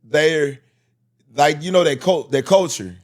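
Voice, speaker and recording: A man's voice: fairly high pitch, measured pace. Rambling storyteller man, casual podcast. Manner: rambling, storytelling with many restarts. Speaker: podcast co-host. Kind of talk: casual conversation.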